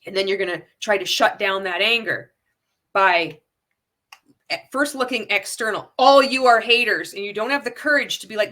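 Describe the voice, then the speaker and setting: A woman's voice: mid-range voice, lively intonation, moderate pace, bright, forceful tone. A woman talking straight to her viewers in a casual commentary, firing off rhetorical questions and often restarting her sentences. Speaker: anti-MLM video creator. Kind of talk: casual direct-to-camera commentary.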